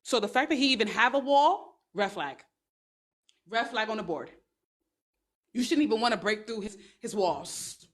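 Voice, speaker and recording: A woman hosts a live stream from her phone, chatting straight to her viewers. Her voice sits a little on the high side, and her talk is sassy and full of slang. She rambles from one point to the next. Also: lively intonation, moderate pace, pauses often. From Brooklyn, New York. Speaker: livestream host.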